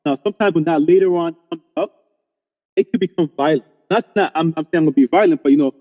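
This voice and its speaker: A man co-hosting a casual podcast discussion, emphatic and opinionated, talking in quick bursts. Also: fairly high pitch, mellow, long reverb tail, lo-fi sound. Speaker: podcast co-host.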